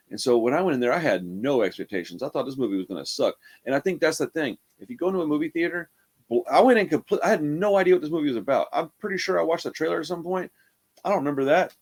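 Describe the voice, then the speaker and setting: A man giving a casual, rambling horror movie review, laid-back and full of "man" and "dude". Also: mid-range voice.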